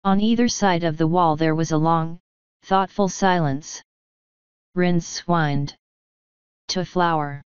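Clear, low-voiced woman narrating an audiobook. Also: slow, long pauses, no room sound, dull audio. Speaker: audiobook reader.

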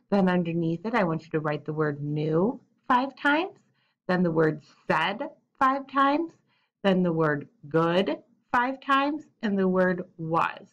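A woman teacher talks to young children at a careful, unhurried pace. She stretches out each letter as she spells, and she keeps inviting the kids to say the words along with her. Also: medium pitch, dull audio. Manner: slow, drawn-out spelling and sounding out of letters; encouraging, prompts children to repeat after her. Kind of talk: remote lesson for young children.

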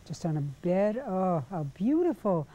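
Mellow-voiced woman hosting a TV cooking spot. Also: lowish voice, very animated, a little slow. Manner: gushing, warm sign-off delivery. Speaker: TV show host. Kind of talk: TV cooking segment chat. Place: TV studio kitchen.

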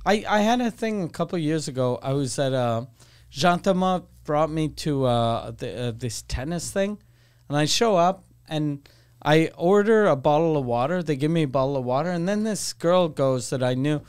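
A man's voice: fairly high pitch, expressive, normal speed, a little mellow, smooth. Blunt sweary man telling stories. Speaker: podcast host. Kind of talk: casual podcast chat.

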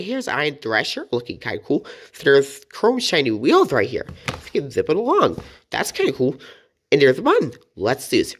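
Woman toy-review host: low voice, hugely swooping pitch, playful and giggly. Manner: playful, chatty, giggles often. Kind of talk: casual toy review narration.

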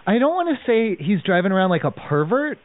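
A man's voice: high voice, big pitch swings, brisk. A man making a prank phone call, hesitant and mock-concerned. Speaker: prank caller. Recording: phone line.

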